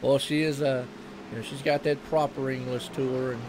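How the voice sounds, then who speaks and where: A man's voice: medium pitch, steady tone, brisk, a loud crowd. A man with a Southern US accent, commentating a sim race broadcast in a chatty way and laughing often.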